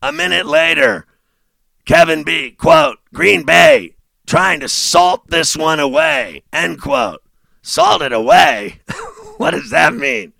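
Sarcastic gravelly sports talk man. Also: sing-song, slow, dry recording. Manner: sarcastic, mocking, swings from low mutter to loud outbursts. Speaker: sports radio host.

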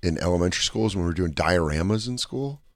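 Animated, jokey man with a low voice. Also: quick pace, dry recording. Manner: animated, laughs often, jokey. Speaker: co-host. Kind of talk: casual comedic chat. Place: radio studio.

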